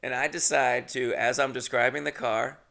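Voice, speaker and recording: Gravelly young guy telling a rambling story. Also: mid-range voice, steady tone, moderate pace, sharp tone. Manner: rambling, swears a lot, laughs at himself. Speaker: podcast host. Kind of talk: casual comedic storytelling.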